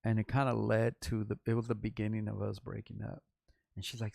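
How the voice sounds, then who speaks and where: A man's voice: on the low side, flat delivery, brisk, vocal fry, darkish tone, no echo. A middle-aged man from Los Angeles, a rapper hosting his own vlog, telling a long, rambling, profane story in casual talk and repeating himself. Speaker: vlog host, underground rapper.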